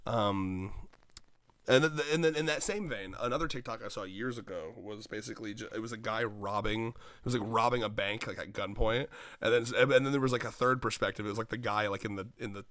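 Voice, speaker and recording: A man co-hosting a podcast, chatting casually and telling stories in an animated, rambling way. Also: on the low side, fairly quick, dry recording. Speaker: podcast co-host. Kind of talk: casual chat reviewing a manga chapter.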